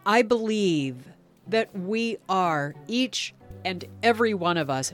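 A woman podcast host in gentle, contemplative narration and reflective conversation. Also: medium pitch.

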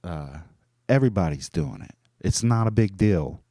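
A man's voice: deep voice, lively intonation, normal speed, dark tone, no echo, clean studio sound. A man hosting a solo talk show, rambling in a loose, profane monologue full of restarts and fillers. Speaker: podcast host.

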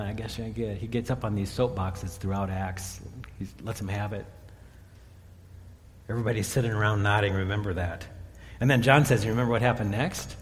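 A man preaching a sermon and retelling a Bible story with animated voices for its characters. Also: mid-range voice, in a large hall. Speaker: pastor.

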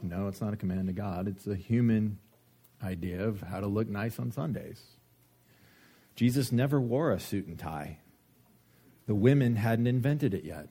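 Husky preacher, joking and animated. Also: male voice, lowish voice, moderate pace, pauses often. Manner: joking, animated, asks rhetorical questions. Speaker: pastor. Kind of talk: sermon.

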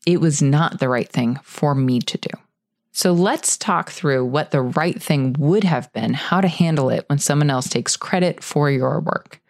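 A woman's voice: deep voice, measured pace, darkish tone, no echo, clean studio sound. A middle-aged woman hosting a career advice show, telling a story from her own work in a candid, conversational way. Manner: candid, conversational, self-correcting. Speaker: podcast host.

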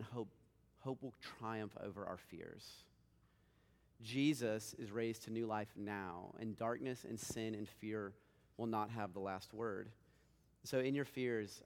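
A man's voice: on the low side, creaky. Earnest male pastor preaching in a reverberant hall. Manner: earnest, conversational preaching with dynamic swells and soft drops. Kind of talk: sermon. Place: church sanctuary.

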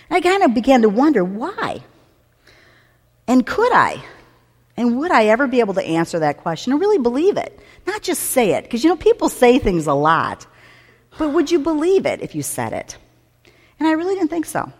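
A woman's voice: fairly high pitch, big pitch swings, a little fast. A woman teaching a church message in a candid, chatty way, with many fillers and asides. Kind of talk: sermon. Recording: long reverb of a hall.

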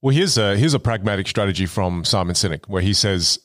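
A man's voice: low-pitched, fairly quick, hardly any pauses, a bit bright, no room sound, studio quality. A man co-hosting a podcast who talks in an upbeat, chatty way and uses casual slang. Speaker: podcast co-host.

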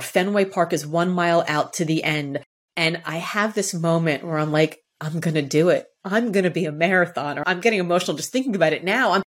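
A woman from the area, a guest on a podcast, telling a personal story in a lively way and acting out the quotes. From Boston area, United States. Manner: lively, acts out quotes with shifting pitch. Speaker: podcast guest, author and speaker. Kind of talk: animated storytelling in conversation.

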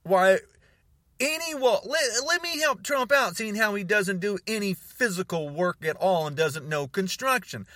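A man's voice: high-pitched, animated, measured pace, sharp tone, no echo, studio quality. A man ranting to camera in a heated, exasperated and sarcastic monologue. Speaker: political commentator.

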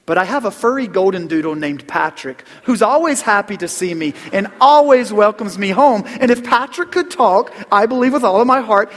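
A middle-aged man preaching a Christmas sermon as pastor, earnest, repeating words and dropping to a hush on key phrases. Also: high-pitched, animated, normal speed. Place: church sanctuary. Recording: long hall reverb.

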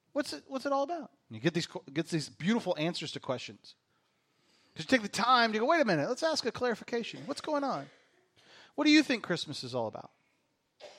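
Male pastor, middle-aged, higher-pitched voice, lively sermon delivery with loud bursts and quiet asides. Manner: animated, swings from loud exclamations to hushed near-whispers.

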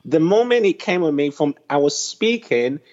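A man, an interview guest, earnestly telling the story of his faith and ministry in a casual, animated way. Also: a little high, normal speed. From England. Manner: earnest storytelling, animated recounting of spiritual experiences. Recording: slightly dull lo-fi audio.

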